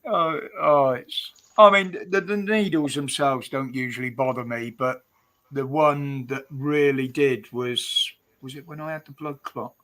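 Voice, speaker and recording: A man's voice: medium pitch, steady tone, unhurried, fairly bright tone. A man chatting casually on a livestream, blunt and swearing freely, laughing often. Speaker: livestream host. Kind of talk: casual chat.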